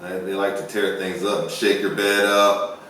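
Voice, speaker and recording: A man's voice: sits low, little pitch movement, moderate pace, a bit bright. A man in a casual chat, rambling through stories and acting out quotes. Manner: rambling storyteller, acts out quotes. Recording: echoey room, far from the mic, faint hiss.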